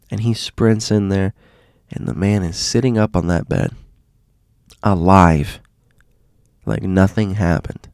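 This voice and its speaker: A man hosting a show, telling a story in a casual, halting way, often repeating words and dropping to a hushed voice. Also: low voice, steady tone, clear, resonant tone, no room sound, clean studio sound. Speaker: host.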